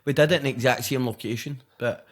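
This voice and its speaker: A man's voice: medium pitch, fairly even intonation, fast. Rambling sweary Glaswegian man. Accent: Glaswegian Scottish. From Scotland, Glasgow. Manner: rambling, slangy and heavily sweary, with constant fillers. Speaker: podcast guest, rapper. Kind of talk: casual storytelling chat.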